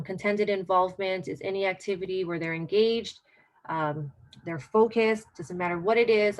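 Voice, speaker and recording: A middle-aged woman giving an informal caregiver presentation on dementia care, earnest and repeating her key points for emphasis. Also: lowish voice.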